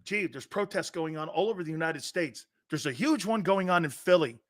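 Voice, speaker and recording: A man's voice: fairly high pitch, lively intonation, fairly quick. A middle-aged man hosting a sports talk show, riffing in a brash, profane, joking way and laughing often.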